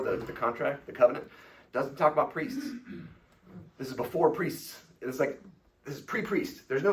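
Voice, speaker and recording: A man giving a lively, informal lecture at a church, with casual fillers and quick asides. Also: medium pitch, recorded from a distance, low-quality recording. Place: church hall.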